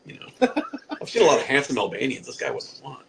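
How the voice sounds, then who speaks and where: Gravelly man telling a crude story. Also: medium pitch, sing-song, fast talker, a bit bright, a little hiss or hum, rough recording. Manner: rambling, profane, laughs at his own story. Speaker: podcast storyteller. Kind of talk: casual comic anecdote.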